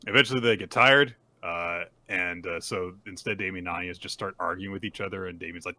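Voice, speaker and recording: A man's voice: lowish voice, normal speed, sharp tone, dry recording. A man co-hosting a podcast, casually recapping manga and acting out the characters' lines with laughs. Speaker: podcast co-host.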